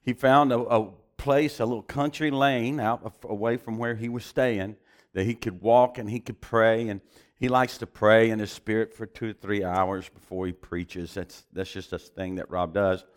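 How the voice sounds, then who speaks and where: A preacher telling a story in a sermon, animated and often chuckling as he goes. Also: fairly low pitch, normal speed.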